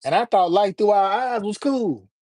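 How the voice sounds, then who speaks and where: Here a stream host speaks at normal speed in a high-pitched, expressive voice with a darkish tone and no echo. He keeps things casual, joking around with viewers, talking straight to the chat, and leaning on slang.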